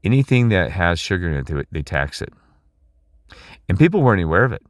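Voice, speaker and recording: Very deep-voiced man, rambling and emphatic. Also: very animated, a little fast, no echo, clean studio sound. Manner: rambling and emphatic, many restarts, asks listeners questions. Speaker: channel host. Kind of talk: rambling monologue to viewers.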